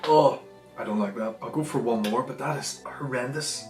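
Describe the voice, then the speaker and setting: A young man with a Northern Irish accent, chatting enthusiastically in a casual food vlog and dropping into softer asides. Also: mid-range voice, moderate pace. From Northern Ireland. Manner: chatty, enthusiastic, drifts between loud and soft asides. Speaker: vlogger. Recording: echoey room with faint music.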